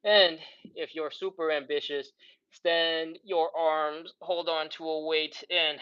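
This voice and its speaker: A man's voice: on the high side, level tone, slow pace, pushed and bright, clean tone, highs cut off. A man leading a live follow-along stretching workout, counting down holds and sighing between counts while he stretches and catches his breath. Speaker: stretching instructor.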